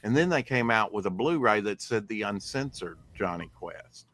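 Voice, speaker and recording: Low-voiced man in casual chat. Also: animated, moderate pace, a bit bright.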